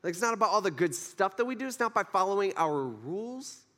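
A man's voice: sits high, big pitch swings, fast talker, pushed and bright, in a large hall. A male pastor giving a conversational sermon, acting out the characters' lines as he goes.

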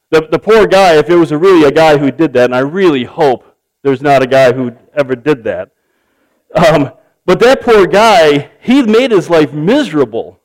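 A man's voice: on the high side, poor audio. A man preaching a sermon, telling a joke story and acting out its characters with animation. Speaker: pastor.

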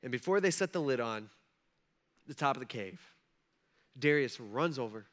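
A man's voice: medium pitch, lively intonation, moderate pace. Male pastor, conversational sermon delivery, keeps checking in with the crowd. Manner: conversational, frequent asides and check-ins with the audience.

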